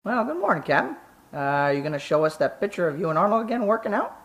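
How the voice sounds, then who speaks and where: A man's voice: high voice, big pitch swings, fast, a bit bright. A man's synthesized voice playing a sarcastic, short firefighter from Canada who needles the others, with hesitant fillers. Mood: mocking. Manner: mocking, with filler "uh" and "there".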